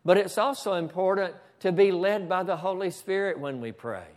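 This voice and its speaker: This high-pitched, darkish-toned man speaks at a moderate pace while delivering a church sermon as pastor. Frequent calls of "Amen?" punctuate his preaching, along with asides to whoever is running the slides.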